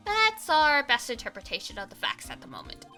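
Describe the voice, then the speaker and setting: A woman's voice: sits high, huge pitch swings, fairly quick, over music. A woman doing a bossy, chummy male detective. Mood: eager. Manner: bossy and chummy, calling people pal. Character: gruff, eager male police detective, grown man.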